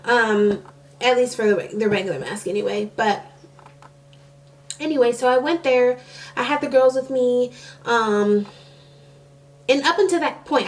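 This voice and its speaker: A woman's voice: on the high side, a little slow, long pauses. Chatty young woman rambling to camera. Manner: rambling, full of "like" and restarts, apologetic asides. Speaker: vlogger, nursing student and mom. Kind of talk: casual storytime chat to camera. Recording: voice a bit far from the mic.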